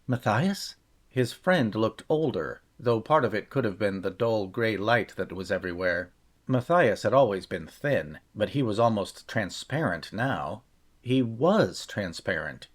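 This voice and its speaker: A man narrating a fantasy novel chapter in a measured, steady storytelling voice. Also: fairly low pitch. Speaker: audiobook narrator. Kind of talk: scripted fantasy audiobook narration.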